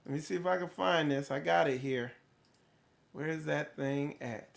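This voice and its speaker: A man's voice: a little high, normal speed, gravelly. A man hosting a spiritual livestream, rambling casually to his viewers with rhetorical questions and the odd swear word.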